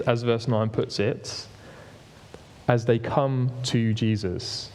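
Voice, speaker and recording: A man's voice: mid-range voice, slow pace, darkish tone, slight background noise. A man giving a conversational sermon in a church hall, often restarting phrases and asking for the next slide. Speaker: preacher. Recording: long reverb of a hall.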